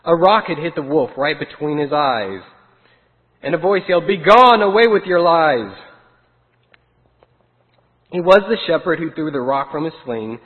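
Man reading a rhyming storybook aloud. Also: fairly high pitch. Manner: steady, sing-song rhyming delivery. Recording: tinny phone-like sound with long reverb.

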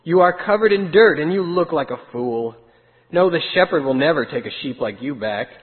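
A man's voice: on the high side, animated, moderate pace, lightly acted. A man voicing a big, cruel male wolf who talks in a snarling, mocking way. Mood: menacing. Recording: tinny phone-like sound with long reverb.

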